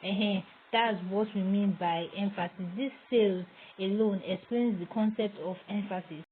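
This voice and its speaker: In a screen-recorded tutorial, a woman teaches graphic design, walking through each step as she works on screen. Her voice sits at medium pitch with a steady tone and normal speed. The audio sounds tinny and phone-like, with faint noise.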